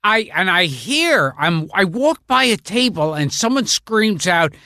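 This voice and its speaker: A man chatting casually as a podcast co-host, telling a short story slowly. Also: high voice, big pitch swings, bright, forceful tone, no room sound, clean studio sound. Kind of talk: casual chat.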